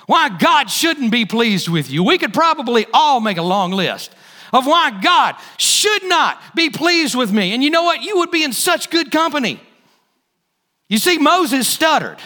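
A man's voice: very high-pitched, bright, forceful tone. A male pastor preaching a sermon, repeating key phrases for emphasis and asking the congregation questions. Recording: hall reverb.

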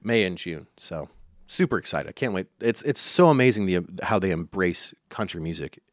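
A man's voice: deep voice, animated, moderate pace, dry recording, clean studio sound. A young man from Iowa, a country musician, telling stories in a casual interview, rambling with fillers and restarts. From Iowa, USA.

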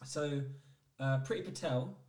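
Man, from Scotland, rapid and animated, slightly high, roomy echo. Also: recorded from a distance. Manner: animated storytelling, swearing. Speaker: podcast co-host. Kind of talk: casual chat.

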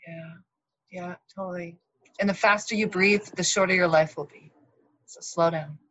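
Woman host chatting on a zoom call, low-ish voice, kinda muffled and dry. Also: moderate pace, dry recording. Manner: animated storyteller, laughs often. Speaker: podcast host. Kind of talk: casual heartfelt conversation. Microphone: video call.

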